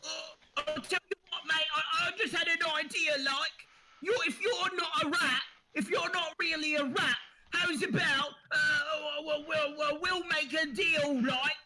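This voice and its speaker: A man voicing an excitable, scheming male rat with a Cockney accent, high and shouting with stumbling, near-crying delivery. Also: a little slow, a loud crowd.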